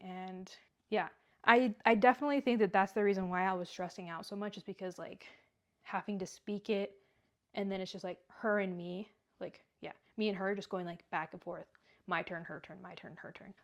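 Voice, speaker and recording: A woman's voice: medium pitch, normal speed. A young woman telling a casual storytime vlog, rambling and filling her talk with "like". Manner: rambling, heavy use of "like". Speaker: vlogger.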